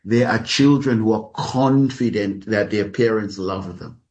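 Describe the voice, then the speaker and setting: Slow, deliberate male pastor preaching. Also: lowish voice, a little mellow, highs cut off. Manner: slow, deliberate, addresses listeners as beloved. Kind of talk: sermon.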